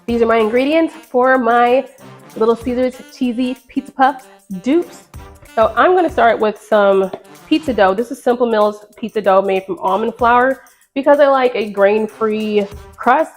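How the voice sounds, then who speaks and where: A woman's voice: on the high side, measured pace, faint music behind. A woman hosting a home cooking video, walking viewers through a recipe in a chatty, upbeat way. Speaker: home cook host. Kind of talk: casual cooking demonstration.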